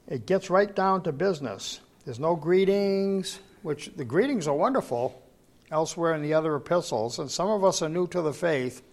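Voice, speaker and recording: A man teaching a Bible study to a gathered group in an informal sermon. He tells stories in a rambling way with many restarts, and reads scripture slowly and with emphasis. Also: fairly high pitch. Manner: slow, emphatic scripture reading. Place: church gathering, in person.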